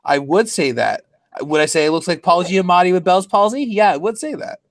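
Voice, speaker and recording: A woman trades sarcastic jokes in a casual recap chat. Her voice is on the low side but moves expressively, and the sound is close and dry. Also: expressive, no echo. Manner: sarcastic, giggly, quick-witted. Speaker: show recap co-host.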